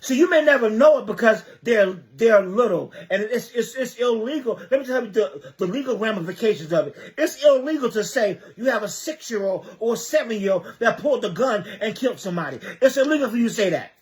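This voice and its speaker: A man's voice: high-pitched, expressive, brisk, hardly any pauses. A man giving an impassioned livestream monologue, firing rhetorical questions, repeating himself and stammering as he reads viewer comments. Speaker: livestreamer speaking on community youth programs.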